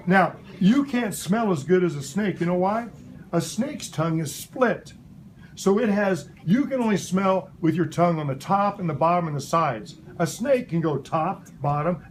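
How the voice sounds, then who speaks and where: Male science teacher, a bit high-pitched, playful and animated with kids, faint classroom hum. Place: elementary school classroom.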